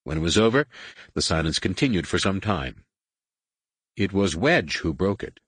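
A man reading an audiobook in a very deep, husky voice that rises and falls expressively through the story. The recording is close and dry, with no room sound. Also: sing-song, moderate pace, fairly bright tone, no room sound. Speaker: audiobook narrator. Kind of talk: scripted narration.

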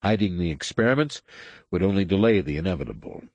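A man narrating an audiobook in a deep, low voice with a husky grain. His reading is measured yet lively in pitch, recorded dry and close with no room sound. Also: no room sound. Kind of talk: scripted narration.

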